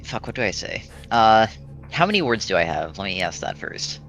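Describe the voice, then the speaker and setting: Young guy at the game table, bright and sharp voice, casual and cussing, some music. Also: fairly low pitch, big pitch swings, moderate pace, creaky, poor audio. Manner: casual, swears a lot, laughing. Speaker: player.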